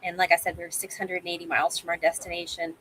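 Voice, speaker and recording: A woman in her fifties telling sailing stories as a guest over a video call, animated and vivid. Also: on the low side, racing, slight background noise, low-quality recording. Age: 50s. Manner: animated storyteller, acts out quoted voices. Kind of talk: casual interview storytelling.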